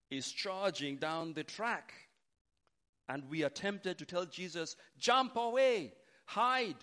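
A man preaching a sermon, slow and emphatic, dropping to a hush and then rising loud for stress. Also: fairly high pitch.

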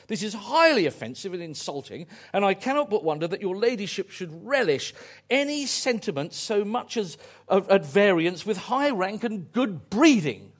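Outraged aristocratic old duchess, haughty, drawn-out, loud, man doing the voice, lively pitch. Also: full character voice. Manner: pompous, outraged, drawn-out words.

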